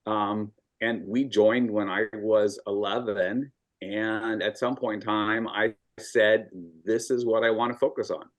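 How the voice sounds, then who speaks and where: A man in his sixties from Southern California, a guest telling stories in a measured, thoughtful way with frequent ums. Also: lowish voice, steady tone. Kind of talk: casual video-call conversation.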